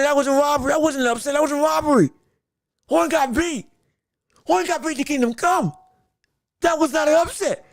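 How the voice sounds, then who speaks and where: A man's voice: extremely high pitch, no echo, clean studio sound. A man hosting a boxing podcast livestream, talking emphatically and repeating himself when worked up. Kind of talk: livestream sports commentary.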